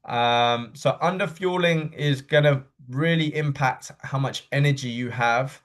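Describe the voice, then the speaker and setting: Quick-talking casual male running coach. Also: medium pitch, a bit bright. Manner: casual, quick, with frequent fillers and checks like okay. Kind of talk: live online workshop talk.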